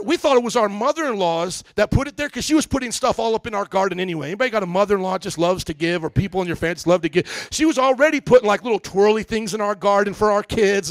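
Man, pastor, sermon storytelling, casual slang, acts out quotes loudly, dry close sound. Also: sits high, no room sound. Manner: animated, acts out quotes with shouts; casual slangy church talk.

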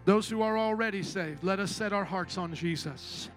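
High-voiced preaching pastor. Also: male voice, moderate pace, over music. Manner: emphatic, rhetorical, call-and-response preaching. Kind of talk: sermon.

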